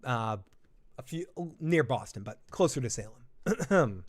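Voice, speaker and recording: A man's voice: medium pitch, expressive, takes it slowly. A man hosting a live episode reaction stream, talking casually with lots of swearing, laughs and self-deprecating jokes.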